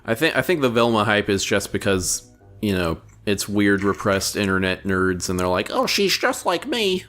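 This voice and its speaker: A man's voice: fairly low pitch, fairly even intonation, normal speed, fairly bright tone, soft background music. A young man co-hosting a podcast in casual chat, sardonic and crude, often stumbling over his words. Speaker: podcast co-host.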